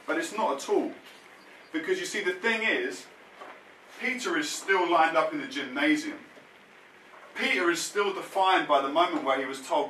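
A man preaching a sermon, telling the story in a lively way with casual slang. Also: on the high side, a little fast, far from the mic, a little hiss or hum. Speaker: pastor. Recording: roomy sound, mic set back from speaker.

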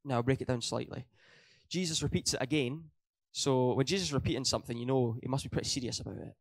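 A man's voice: medium pitch, fast talker, creaky. A young man preaching a sermon in a church hall, earnest, hammering his points home by repeating them and correcting his own slips.

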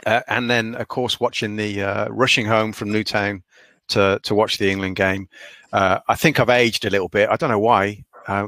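Middle-aged male host, lowish voice, rambling and chatty; dry recording. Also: a bit bright, no echo. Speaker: dentist, podcast host. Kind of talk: casual chat.

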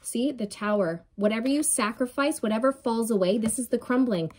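A woman's voice: fairly high pitch, fairly quick, darkish tone. A woman giving a channeled tarot reading, emphatic and encouraging, often repeating phrases and checking in with "okay?" and "right?". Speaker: tarot reader.

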